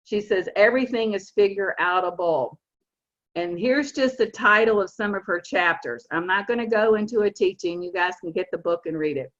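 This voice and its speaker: A woman in her sixties with a Southern accent, giving an earnest, emphatic motivational talk to her team on a video call. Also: mid-range voice. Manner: earnest, emphatic, stresses key words slowly. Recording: muffled lo-fi video call audio.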